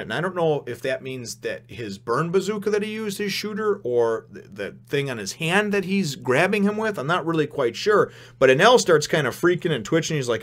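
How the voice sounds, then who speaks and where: A man giving a casual spoken review of a comic chapter, rambling and excitable, often chuckling and restarting his sentences. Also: on the high side, fairly quick, hardly any pauses.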